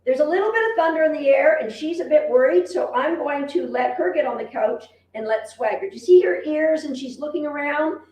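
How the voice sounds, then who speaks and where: A woman's voice: high voice, lively intonation, a little fast, few pauses, a little mellow, slight background noise. A woman dog trainer giving an upbeat online lesson from home, talking to her dogs as she teaches.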